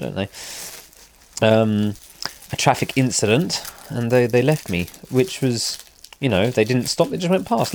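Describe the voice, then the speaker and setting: A man's voice: on the low side, a little mellow. A man, a motorcycle vlogger, telling a story in a casual, rambling and wry way, often correcting himself.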